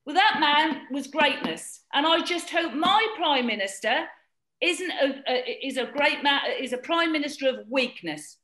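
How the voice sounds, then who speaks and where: Impassioned, high, animated woman. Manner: emotional, repeats herself, pleading. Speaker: fishing industry campaigner. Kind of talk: impassioned guest commentary. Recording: roomy echo.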